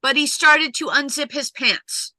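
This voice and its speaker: A woman with a high, very bright voice reads chat messages aloud in a brisk, teasing way. The sound is close and dry. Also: dry recording, rough recording. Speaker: stream co-host reading chat.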